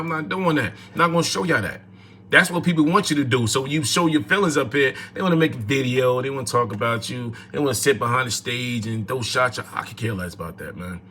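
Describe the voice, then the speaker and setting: Bright, emphatic man ranting on a livestream. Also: fairly high pitch. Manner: emphatic, repetitive, preachy. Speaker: livestream host. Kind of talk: casual live talk.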